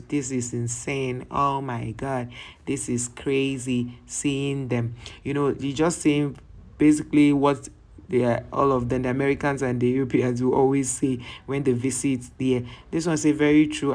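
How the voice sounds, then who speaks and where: This is a reaction channel host going through viewer comments one by one. The reading is halting, with words restarted mid-sentence. Between comments the host slips into loose, conversational asides. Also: medium pitch.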